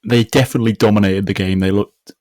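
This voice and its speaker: A man with a very deep voice and a flat, even delivery, recorded dry and close. He gives measured, analytical takes in a casual sports podcast chat. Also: dry recording. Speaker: podcast co-host.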